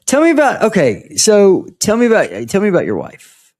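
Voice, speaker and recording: A man's voice: high voice, wildly swooping pitch, brisk, a little mellow. A man hosting a casual podcast interview, asking questions in a laid-back, blunt and profane way. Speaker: podcast host.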